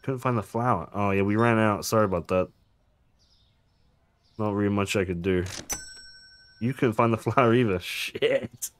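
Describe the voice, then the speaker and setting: A man's voice: lowish voice, measured pace, long pauses. A man casually commenting on his gameplay, chatty and jokey, swearing now and then and making asides to his viewers. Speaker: gaming streamer.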